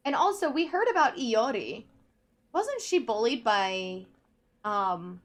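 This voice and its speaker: A woman playing a video game, reading in-game notes aloud slowly and carefully, breaking off now and then to comment. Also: a little high, animated. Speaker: let's play gamer.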